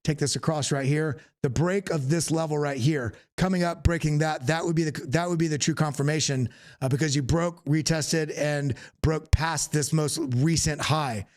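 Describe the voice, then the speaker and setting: Man talking through charts, higher-pitched. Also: steady tone, moderate pace, a little mellow. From Southern United States. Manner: casual, thinking aloud with frequent restarts. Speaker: host. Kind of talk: live technical chart analysis.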